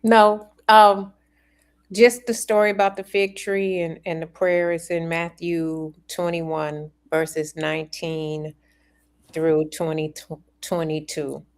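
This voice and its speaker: A woman's voice: low-pitched, flat delivery, slow pace. A woman co-hosting a devotional chat, reading verses aloud and stressing key words with emphasis. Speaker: co-host.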